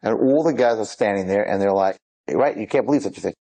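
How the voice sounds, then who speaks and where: A man's voice: on the low side, fast talker, rough recording. A man retelling dramatic stories to an audience, acting out the dialogue and breaking off into asides. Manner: animated, acts out quoted dialogue, frequent asides.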